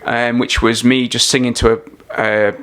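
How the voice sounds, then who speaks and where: A man's voice: medium pitch, level tone, moderate pace, fairly bright tone. A man from Nottingham, a podcast guest rambling through stories in casual chat and swearing freely. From Nottingham, England. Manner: rambling storyteller, swears freely, many fillers. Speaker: podcast guest, singer-songwriter.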